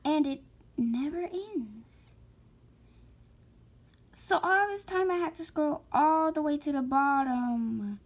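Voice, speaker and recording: A woman giving excitable, gushing commentary to her viewers while shopping in a game. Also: high-pitched, slow, pauses often. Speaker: gaming vlogger.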